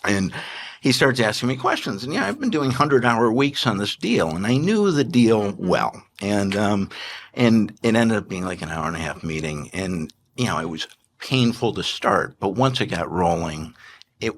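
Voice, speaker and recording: A man in his sixties, telling stories as an interview guest, animated, often laughing and restarting his sentences. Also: lowish voice, normal speed. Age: 60s. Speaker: investment manager and podcast guest. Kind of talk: anecdotal interview storytelling.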